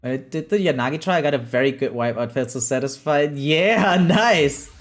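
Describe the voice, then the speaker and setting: A man's voice: on the high side, expressive, normal speed, soft background music. A man from Germany with a German accent, streaming a game live and chatting casually with his viewers, laughing often as he answers chat.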